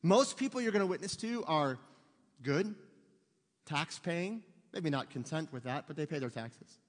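A male pastor preaching with emphasis, his voice sitting a little high for a man. He pushes his listeners with rhetorical questions. The sound rings with the long reverb of a large hall. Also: expressive, unhurried. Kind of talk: sermon.

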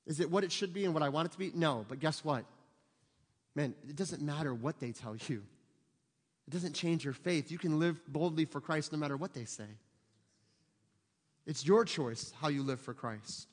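A male pastor preaching with emphasis, his voice sitting a little high for a man. He pushes his listeners with rhetorical questions. The sound rings with the long reverb of a large hall. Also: moderate pace, long pauses. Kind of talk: sermon.

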